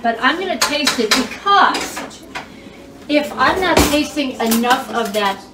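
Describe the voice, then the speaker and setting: A woman's voice: high voice, lively intonation, a little slow. A woman hosting a home cooking show, chatty and exclaiming as she cooks in her kitchen. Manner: chatty and exclamatory, squeals when food turns out well. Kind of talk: casual cooking demonstration. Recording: roomy, distant mic, background hiss.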